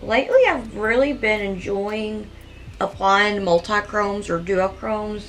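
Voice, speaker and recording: A woman's voice: medium pitch, steady tone, takes it slowly, faint music behind. A woman doing a casual makeup tutorial, rambling in a chatty, heartfelt way and peppering her talk with "like". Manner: rambling, chatty and heartfelt, with frequent "like" and soft laughs. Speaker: makeup vlogger.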